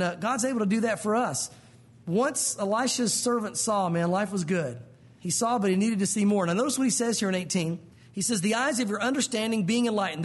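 Delivering a sermon, this pastor speaks with animation in a voice that is high and a little husky. As he tells stories, he takes on the voices of the characters in them.

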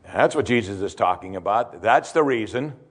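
A man's voice: lowish voice, expressive, normal speed. A man preaching an expository sermon as a pastor, repeating key points and asking rhetorical questions.

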